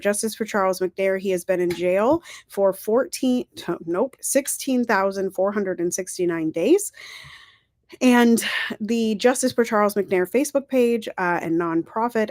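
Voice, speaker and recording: A woman's voice: mid-range voice, a little mellow, dry recording. A woman hosting a casual livestream, talking in a chatty, encouraging way, correcting herself as she goes, her throat dry. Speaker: livestream host.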